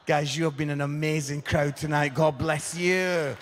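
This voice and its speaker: Man, comic storyteller in a church hall, animated with shouted punchlines, slightly high voice, long hall echo. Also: brisk. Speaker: guest comedian speaker. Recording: echoey hall reverb.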